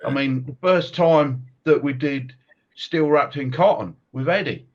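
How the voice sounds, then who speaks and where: Brief: middle-aged host, fairly high voice, lively storyteller, dull lo-fi line. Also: male voice, a little slow. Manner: animated storyteller, laughs often. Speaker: podcast host, martial arts coach. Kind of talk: casual chat.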